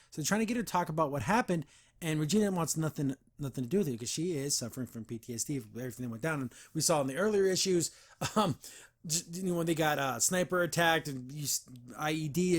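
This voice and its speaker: Male podcast host, slightly high pitch, earnest rambling comic review delivery. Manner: earnest and rambling, frequent restarts and fillers; gets heated about the veterans system. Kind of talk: casual comic review chat.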